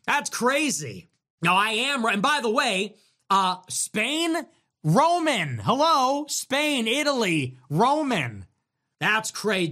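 A man's voice: high-pitched, big pitch swings, measured pace, sharp tone. A man hosting a livestream, ranting in a sarcastic, mocking way to his chat. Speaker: livestream host. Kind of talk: livestream commentary rant.

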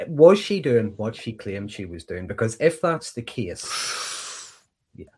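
A man's voice: fairly low pitch, a little slow, a little mellow. A man on a panel, hesitant, thinking aloud. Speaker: panel guest. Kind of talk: panel discussion.

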